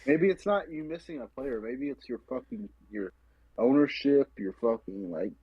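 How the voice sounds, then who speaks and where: A man's voice: mid-range voice, animated, moderate pace, slightly rough, no room sound. A man co-hosting a sports podcast, ranting with lots of profanity in casual chat. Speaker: podcast co-host. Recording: dull lo-fi sound.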